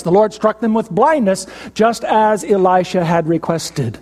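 A man preaching a sermon, telling a story emphatically with dramatic pauses. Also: high-pitched, darkish tone, in a large hall.

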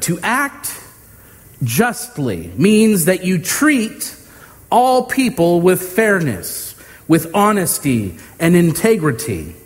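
A man preaching a sermon to his congregation, measured and emphatic, with homey humor and deliberate pauses. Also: high-pitched. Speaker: pastor. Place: church sanctuary. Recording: long hall reverb.

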